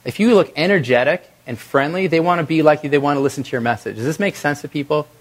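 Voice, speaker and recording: A middle-aged man giving an energetic coaching talk to a live workshop audience. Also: fairly high pitch, fast. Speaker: video presentation trainer.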